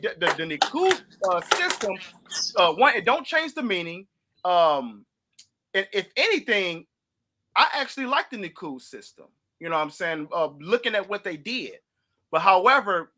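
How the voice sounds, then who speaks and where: The podcast host, a man from St. Louis, speaks in a bright, pushed, high-pitched voice. Throughout a heated religious debate he mocks his opponent with laughter and fires the same questions again and again.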